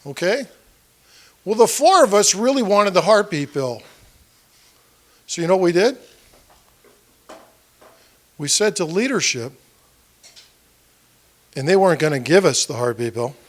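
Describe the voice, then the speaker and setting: This candidate has a high-pitched voice with big pitch swings, a measured pace and long pauses. Speaking to about 30 people in a meeting room, he gives a conversational campaign speech, acting out dialogue in his stories and questioning the audience.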